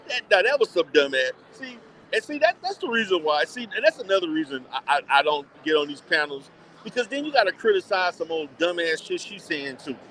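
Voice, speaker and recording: Male vlogger, high-pitched, blunt and animated, casual phone live chat with faint background noise. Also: fairly quick. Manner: blunt, animated, laughs often, repeats words. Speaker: vlogger chatting with live viewers. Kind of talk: casual live-stream chat while shopping. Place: indoor shopping mall.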